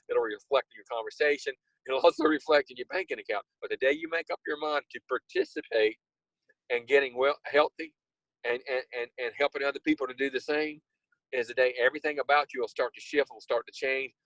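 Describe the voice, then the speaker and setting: Brief: man in his 60s, mid pitch, dry sound, host delivering an emphatic pep talk on a video call. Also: fairly bright tone, dry recording, low-quality recording. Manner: emphatic, repeats key words. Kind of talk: motivational talk.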